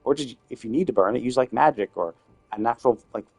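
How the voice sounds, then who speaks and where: A man's voice: medium pitch, fast talker, darkish tone, breathy edge, no room sound, soft background music. A man streaming a game, ranting in a casual, exasperated way, with many restarts and fillers. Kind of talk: casual game commentary rant.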